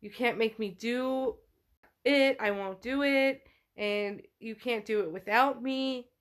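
A woman's voice: fairly high pitch, slow pace. A woman voicing a frightened but defiant woman pushing back a threat, while retelling a novel. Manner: defiant, shaken.

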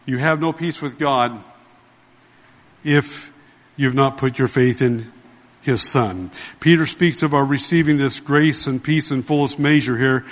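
A man's voice: medium pitch, steady tone, a little slow, in a large hall. A man preaching a sermon, emphatic, repeating key phrases and putting questions to his listeners, whom he calls "dear ones.". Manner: emphatic, asks the congregation questions. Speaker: pastor.

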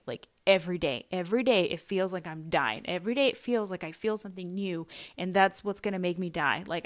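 A young adult woman hosting a podcast, telling a personal story in a chatty way, with lots of fillers and little laughs. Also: fairly low pitch. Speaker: podcast host.

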